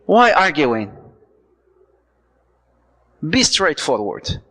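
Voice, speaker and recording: A man giving a playful, lively lecture on marriage to a congregation, dropping Arabic phrases into his talk. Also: on the high side, drawn-out words. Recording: long hall reverb.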